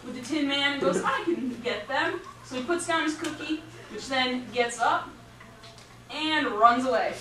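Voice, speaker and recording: Giggly woman telling a rambling story. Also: high voice. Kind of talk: improvised storytelling. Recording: roomy, distant mic, noisy.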